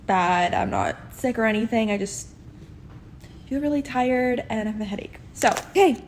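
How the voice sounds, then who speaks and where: A woman's voice: a little high, lively intonation, normal speed, darkish tone, slight background noise. A young woman chatting candidly in a personal video diary with lots of fillers, filming herself on a phone in her car. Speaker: vlogger. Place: inside a car.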